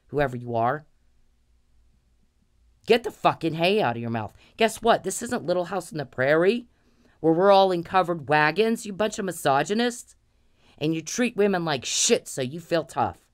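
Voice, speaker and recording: Brief: low-pitched woman, furious profane vlog rant, blunt and scolding. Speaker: vlogger. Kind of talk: angry direct-to-camera rant.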